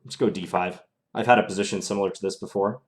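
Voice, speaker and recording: A young man streaming chess live, calmly thinking aloud through his moves in a casual, analytical way. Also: deep voice, fast talker.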